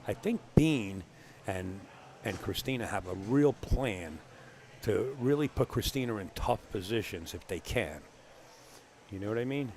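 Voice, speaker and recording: A lowish-voiced man with a thick Bronx New York accent calls a pool match live, teasing his co-workers in between the shots. He sits alone in a small commentary room, with a faint hum of the venue around him. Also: animated, a little slow, darkish tone. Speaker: billiards commentator.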